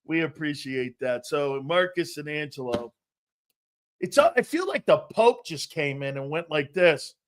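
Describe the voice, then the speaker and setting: A man's voice: fairly high pitch, a little slow. A middle-aged man hosting a sports talk show, chatting casually and acting out stories with other people's voices. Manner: animated storyteller, acts out other voices. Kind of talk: casual sports radio chat.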